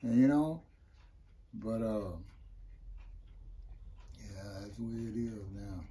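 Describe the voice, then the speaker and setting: A slow, mellow, lowish male voice belongs to an older man, a former prisoner appearing as an interview guest. His account of prison life is loose and rambling, peppered with "you know what I mean", in a relaxed storytelling interview.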